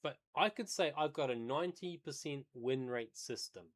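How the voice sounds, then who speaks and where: A man's voice: medium pitch, normal speed. A man who day trades, livestreaming and thinking aloud as he comments on a video, hedging and explaining as he goes.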